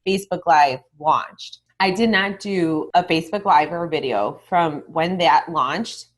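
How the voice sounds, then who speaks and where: A woman guest on a podcast talking in a candid, animated way. She swears freely and acts out remembered conversations. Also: sits low, unhurried. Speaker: guest, online marketing mentor. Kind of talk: casual interview talk.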